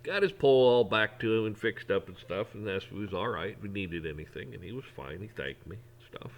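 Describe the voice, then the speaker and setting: A man's voice: lowish voice, expressive, fairly quick, slight background noise. A middle-aged man talking in a casual, folksy way, rambling through an opinion monologue with frequent restarts. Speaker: vlogger.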